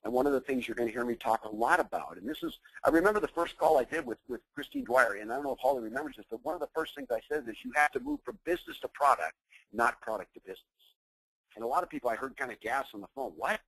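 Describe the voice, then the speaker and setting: A man's voice: medium pitch, sing-song, fast talker, creaky, a bit bright, breathy edge, dry recording, rough recording. A man leading a motivational business training call, intense and emphatic, firing rhetorical questions at his listeners. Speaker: business coach.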